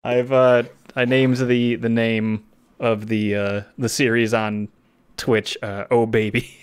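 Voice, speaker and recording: A man in the middle of his range hosts a gaming stream, winding down in an unhurried, meandering way. The sound is dry and close, with no room around him. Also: medium pitch, clear, resonant tone, dry recording. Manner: relaxed, rambling, with frequent fillers and laughs. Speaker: streamer host. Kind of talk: casual stream sign-off chat.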